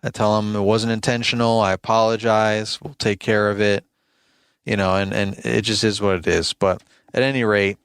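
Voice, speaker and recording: A man's voice: on the low side, little pitch movement, normal speed, a bit bright, clean tone, no room sound. A man hosting a podcast as a lawn care business owner, telling a rambling, conversational story and sounding exasperated about complaints. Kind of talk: casual storytelling monologue.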